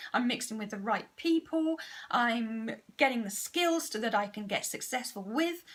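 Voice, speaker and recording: A woman's voice: on the high side, sharp tone. A woman, a parent, speaking candidly in a casual vlog monologue, frank and self-deprecating. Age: adult parent. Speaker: vlogger.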